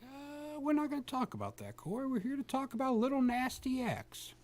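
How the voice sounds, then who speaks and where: In a comedy radio bit, a man imitates a prudish, bigoted older male televangelist, using a high, stammering drawl. His delivery is sing-song and brisk.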